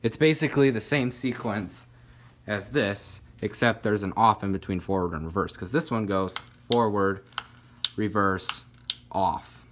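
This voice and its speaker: Slow, low-voiced man rambling casually. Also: a bit bright, a little hiss or hum. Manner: rambling, filler-heavy, self-deprecating. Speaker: ceiling fan collector showing a fan. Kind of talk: casual hobby video narration.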